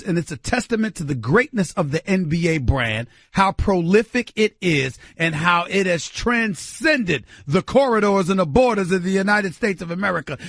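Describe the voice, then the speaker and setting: A middle-aged man with a New York accent delivering an emphatic, repetitive sports talk show monologue, addressing listeners as ladies and gentlemen. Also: high-pitched, no echo, studio quality. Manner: emphatic, repetitive, preacher-like bursts.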